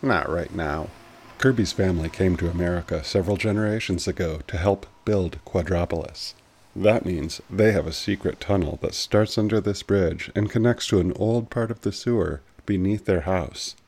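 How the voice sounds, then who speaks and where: A man's voice: low-pitched, normal speed, a little mellow, breathy edge. A man hosting and narrating a serialized story podcast in a playful, upbeat way. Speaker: host and narrator. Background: music.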